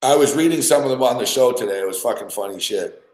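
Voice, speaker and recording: A man hosting a sports podcast, ranting casually with swearing and laughter, and getting excited as he recounts plays. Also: mid-range voice, fast talker, reverberant, rough recording. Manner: profane, laughing, gets excited over plays. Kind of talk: casual sports talk rant.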